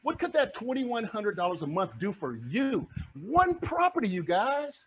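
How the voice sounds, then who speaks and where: Heard with slight background noise on a dull lo-fi recording, a middle-aged real estate investor energetically pitches motivation to a club. He asks rhetorical questions and acts out the crowd's responses in a high, sing-song voice at a moderate pace.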